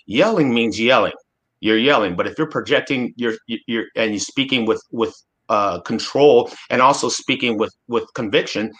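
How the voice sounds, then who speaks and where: A man's voice: mid-range voice, lively intonation, moderate pace, fairly bright tone. A man in his forties from Alaska, a guest speaking earnestly and emphatically in a casual discussion, often restarting his sentences. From Alaska, USA.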